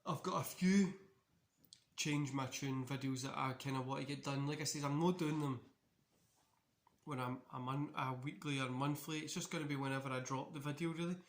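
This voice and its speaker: A man's voice: medium pitch, fairly even intonation, a little fast. Rambling man, echoey room. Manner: loose, rambling chat. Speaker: wrestling channel host. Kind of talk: casual watch-along commentary.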